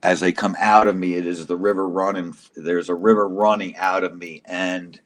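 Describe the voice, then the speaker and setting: A man's voice: deep voice, flat delivery, normal speed. A man telling an emotional personal testimony as an interview guest, casual and profane, acting out quotes dramatically.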